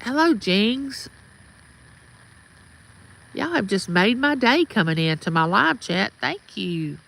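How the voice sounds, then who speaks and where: A middle-aged Southern woman from Mississippi hosts a casual livestream outside her home, greeting viewers by name. Her mid-range voice is slow and gravelly with big pitch swings and a fairly bright tone. The recording quality is low.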